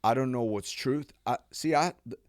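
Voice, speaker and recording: A man from Texas, a pastor and podcast guest, telling his life story in a lively, animated way, acting out what people said and laughing now and then. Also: mid-range voice, normal speed, clean tone, no echo, studio quality. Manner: animated storyteller, acts out quotes, laughs often. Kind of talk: storytelling interview.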